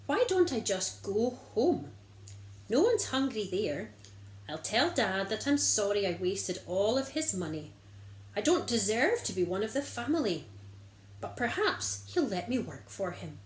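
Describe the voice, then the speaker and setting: A woman's voice: medium pitch, sing-song, unhurried, roomy sound. A woman voicing a repentant younger son in a children's Bible story, in an earnest, pleading tone. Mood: resolved. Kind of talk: storybook reading.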